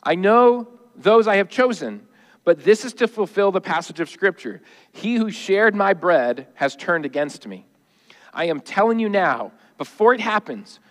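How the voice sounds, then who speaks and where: A male pastor preaching a sermon in a lively, conversational way, with jokes and everyday asides. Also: high-pitched, in a large hall.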